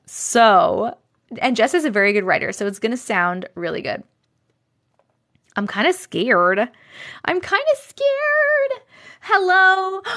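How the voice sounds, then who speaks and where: A woman's voice: mid-range voice, a bit bright. A woman in her thirties hosting a casual live stream, bubbly and chatty, thanking viewers and reading comments aloud. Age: 30s.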